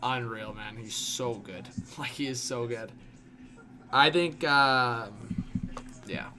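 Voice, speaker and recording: A man's voice: medium pitch, slow pace. A young man hosting a casual hockey livestream, rambling with lots of fillers while answering chat. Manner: rambling, filler-heavy, frequent "like". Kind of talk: casual live stream commentary, reading chat.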